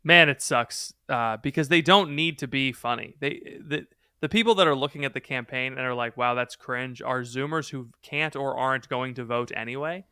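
A man's voice: medium pitch, normal speed, few pauses, sharp tone, clean tone, no room sound, clean studio sound. A man co-hosting a casual podcast chat, joking and riffing with his co-host.

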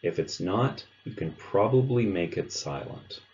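Man, very deep voice, teacher narrating a lesson, measured and clear, slightly muffled recording. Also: expressive, a little mellow. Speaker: language teacher. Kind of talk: instructional narration.

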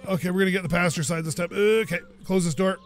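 High-voiced excitable gamer man. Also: racing. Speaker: let's play host. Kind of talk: casual gameplay commentary. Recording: game engine noise under voice.

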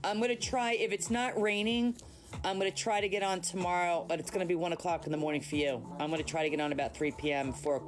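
A woman's voice: on the low side, steady tone, quick pace. A woman hosting a casual phone livestream from home at night, chatty and teasing as she answers viewers' comments. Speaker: livestream host. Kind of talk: casual live chat with viewers.

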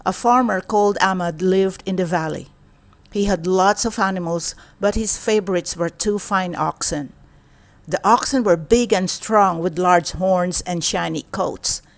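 A woman reading a children's storybook aloud in a steady, clear storytelling manner. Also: mid-range voice. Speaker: storybook reader.

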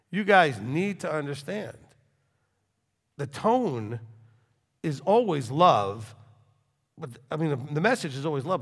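A man, a rabbi, preaching to a congregation with intense swings from loud forceful bursts to quiet low talk. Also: vocal fry, husky, big-room sound. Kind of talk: sermon.

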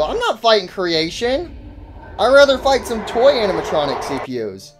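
Animated excitable male gamer. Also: high voice, normal speed, soft background music. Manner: excitable, yelps and shouts when startled; chatty, joking slang. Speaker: gaming YouTuber. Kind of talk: casual gameplay commentary to chat.

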